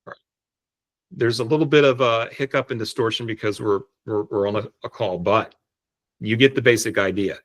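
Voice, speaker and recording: A man explaining step by step how to set up an AI voice agent, speaking on a video call in a relaxed, explanatory way. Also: fairly low pitch, moderate pace. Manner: relaxed, explanatory, frequent restarts. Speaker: tutorial presenter. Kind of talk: screen-share software tutorial.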